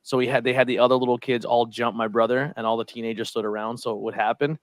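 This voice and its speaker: Animated man telling stories, dry mic. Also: mid-range voice, fast, no echo. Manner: animated storyteller, acts out quotes. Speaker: podcast co-host. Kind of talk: casual chat watching wrestling.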